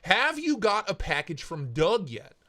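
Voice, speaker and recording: A man hosting a casual live stream, playfully greeting chatters by name with jokey shout-outs. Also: sits high, wildly swooping pitch, unhurried, background noise. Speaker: livestream host.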